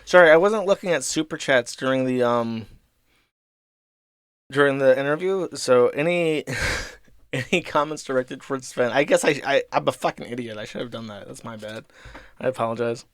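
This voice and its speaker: A man's voice: medium pitch, moderate pace, clear, resonant tone, no echo, studio quality. A man hosting a casual livestream, reading out viewer donations and rambling about them with frequent laughs and swearing. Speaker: livestream host.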